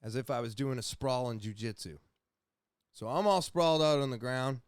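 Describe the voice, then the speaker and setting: A young adult man hosting a podcast, casually telling a rambling, profane story with animated retellings. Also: mid-range voice, moderate pace, smooth, dry recording, studio quality. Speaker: podcast host.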